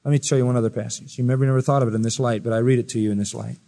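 A preacher delivering a sermon, firing rhetorical questions at listeners, swinging from loud high exclamations to quiet low asides. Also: male voice, fairly even intonation, rapid-fire, vocal fry, big-room sound. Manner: emphatic, rising to loud high-pitched exclamations then dropping quiet.

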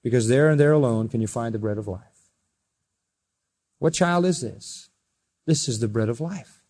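A man preaching a sermon, telling the story with emphasis and swinging between loud and soft passages. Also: medium pitch, normal speed. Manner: storytelling, emphatic, rises and drops in volume. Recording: long reverb of a large hall.

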